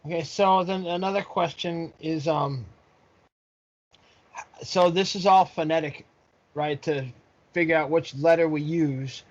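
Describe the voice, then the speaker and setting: A man's voice: fairly high pitch, fairly even intonation, a little slow, pauses often, muffled recording. A man asking questions in casual conversation, hesitating with fillers as he talks. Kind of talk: casual chat.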